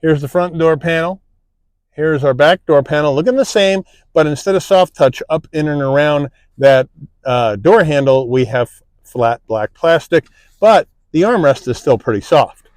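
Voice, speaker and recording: A man narrating a car review, calmly listing interior features one by one, recorded inside a car. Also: on the high side, normal speed, no room sound. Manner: relaxed, plain-spoken, listing features one by one.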